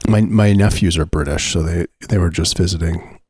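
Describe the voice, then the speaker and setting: A man in casual comedic chat, adding dry, deadpan jokes. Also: low voice, normal speed, slightly rough, no echo.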